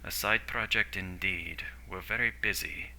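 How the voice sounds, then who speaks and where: A man's voice: deep voice, a little slow, bright, forceful tone, full character voice. A man voicing a stern male operative who speaks curtly and proudly.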